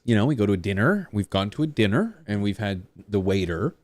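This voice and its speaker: A man's voice: on the low side, very animated, brisk, a little mellow, dry recording. A man who streams, chatting casually and jokingly with his partner and viewers. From small rural town. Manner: rambling, self-deprecating, jokey. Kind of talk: casual livestream chat.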